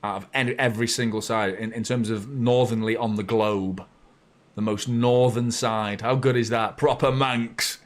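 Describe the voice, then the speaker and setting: Brief: male football fan host, chatty, blunt, mid-pitched voice, erupts loudly at goals. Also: normal speed. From north of England. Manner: chatty and blunt, bursting into excited shouts at goals. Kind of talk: live match watchalong commentary.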